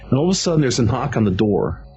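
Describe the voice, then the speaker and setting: A middle-aged man giving a vivid, animated first-hand account as a witness, often restarting his sentences. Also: mid-range voice, fast. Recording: dull lo-fi audio with faint music.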